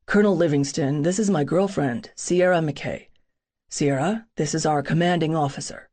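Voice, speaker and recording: A woman's voice: low-pitched, moderate pace, warm tone. A woman voicing a confident, protective young male soldier in an audiobook, with a dry, teasing way of talking.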